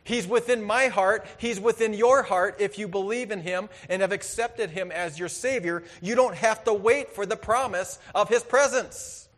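A pastor with a high-pitched voice preaches earnestly and conversationally at a moderate pace with few pauses, now and then breaking into sudden loud emphasis. Long reverb makes him sound as if he's in a large hall.

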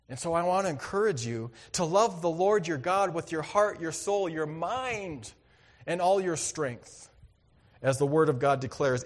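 A high-pitched man delivers a sermon in an earnest, conversational style that now and then swells into loud emphasis. His voice rings with a long reverb, as in a large hall. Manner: earnest, conversational preaching with sudden loud bursts. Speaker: pastor.

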